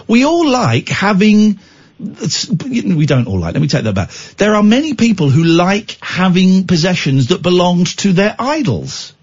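A man's voice: sits high, very animated, breathy edge, dull audio. A man hosting a late-night radio phone-in, teasing and incredulous with his callers. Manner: incredulous, teasing, quick to mock. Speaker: radio host.

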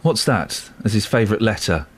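A man's voice: lowish voice, a little fast, a little hiss or hum. A middle-aged man hosting a radio show in casual, jokey chat. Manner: jokey, lively, mock-outraged. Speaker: radio host.

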